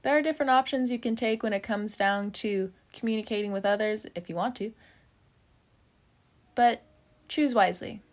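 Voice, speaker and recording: A woman's voice: medium pitch, moderate pace, pauses often. A woman giving a casual tarot reading, chatty, with many "you know" fillers, frequent little laughs and casual swearing. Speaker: tarot reader.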